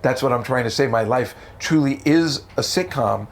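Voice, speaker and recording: A man from the United States, a comedian telling stories in a casual interview, animated and profane. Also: normal speed. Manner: animated, profane, jumps into high voices for quotes. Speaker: comedian guest.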